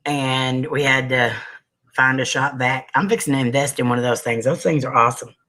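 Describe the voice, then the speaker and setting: A man's voice: mid-range voice, steady tone, moderate pace, bright, forceful tone. Sniffly man hosting a livestream. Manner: chatty, greets viewers by name. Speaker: livestream host. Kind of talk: casual livestream chat.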